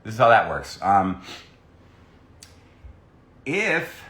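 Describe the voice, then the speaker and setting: A man's voice: on the low side, big pitch swings, drawn-out words, a bit bright, reverberant. A man, a voice actor, chatting playfully on a live stream while he signs autographs and reads out fan messages. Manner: playful and jokey, reading fan messages aloud. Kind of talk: casual live-stream chat.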